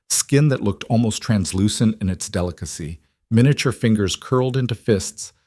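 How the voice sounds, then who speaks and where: Low, dry male story narrator. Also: darkish tone, dry recording. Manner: measured, emotive storytelling. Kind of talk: scripted dramatic narration.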